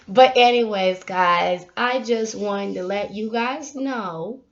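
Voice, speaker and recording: Young woman, casual motivational vlog, animated and laughing, fairly high voice, muffled lo-fi audio. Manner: animated, laughing, sudden loud bursts. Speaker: YouTube vlogger. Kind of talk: casual motivational talk to camera. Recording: dull lo-fi sound.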